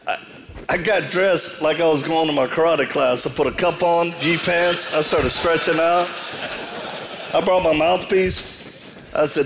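A man's voice: on the high side, steady tone, unhurried, in a large hall, noisy background. A man with a Cajun accent preaching to a live audience, telling a story with humor and self-deprecating asides.

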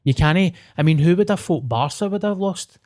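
A man's voice: high-pitched, lively intonation, moderate pace, a little mellow. A young Scottish man in casual podcast chat, telling stories in a chatty, sweary way.

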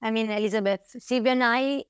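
Italian woman guest, accented English, smooth tone, dry close mic. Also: on the high side, fairly even intonation, fairly quick, dry recording. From Italy. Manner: warm, laughs often, restarts words. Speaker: guest, winery co-owner. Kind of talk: casual interview chat.

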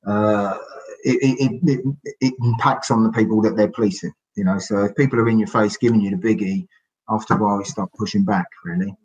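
Middle-aged man, low-pitched, chatty guest, acts out quotes in his stories. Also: fairly even intonation, a little fast, darkish tone, dull audio. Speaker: guest author. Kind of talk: casual podcast interview.

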